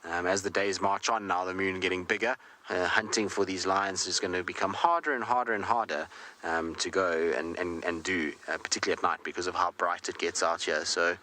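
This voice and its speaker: A man commenting live as a safari guide, chatty and unhurried, with many fillers and drawn-out words. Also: deep voice, fairly even intonation, sharp tone.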